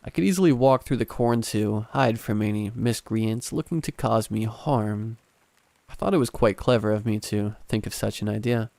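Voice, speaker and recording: Gravelly male horror storyteller. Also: on the low side, moderate pace, no echo. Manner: calm, steady first-person storytelling. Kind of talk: scripted horror narration.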